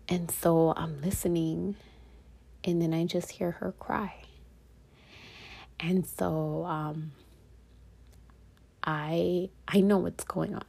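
A young woman telling a personal story to her viewers in a casual vlog, speaking softly and often dropping into a whisper. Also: on the low side, fairly even intonation, unhurried, vocal fry, long pauses, breathy edge. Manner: soft-spoken, slipping into whispers. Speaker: vlogger.

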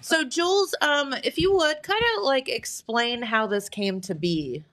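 A woman's voice: a little high, measured pace, fairly bright tone. A woman hosting a local morning show, chatting casually and laughing often, sharing one studio mic with a guest. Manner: bubbly, giggly and joking. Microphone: shared studio microphone.

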